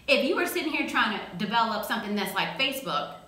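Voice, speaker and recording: A woman's voice: on the high side, fast. Emphatic woman speaker in an echoey room. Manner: energetic, emphatic, slangy. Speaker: motivational speaker. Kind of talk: motivational talk.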